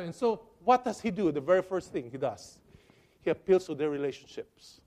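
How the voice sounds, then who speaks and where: A man preaching a sermon as a pastor, impassioned and pleading, swinging between loud and soft. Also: fairly high pitch, lively intonation, normal speed.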